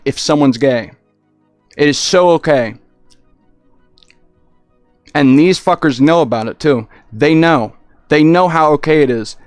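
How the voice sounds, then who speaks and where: A man chatting casually on a livestream, rambling and excitable, often restarting his sentences. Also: on the high side, clear, resonant tone, no room sound.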